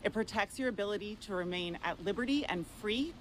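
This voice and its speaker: A woman lawyer giving a press statement in a firm, measured, formal manner. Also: medium pitch, lively intonation, a little hiss or hum, low-quality recording.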